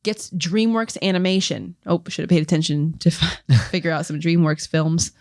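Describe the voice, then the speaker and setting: Female podcast co-host, lower register, relaxed chatty recap of match scores, dry close-miked sound. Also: normal speed, dry recording. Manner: reads out match results and trivia questions, then chats loosely. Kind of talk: casual chat recapping competition matches.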